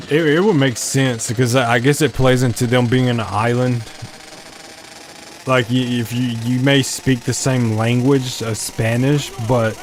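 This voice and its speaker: A man with a mid-range voice plays a video game and talks casually over it, wandering from thought to thought and asking himself questions. It's chatty let's-play commentary, with slight background noise.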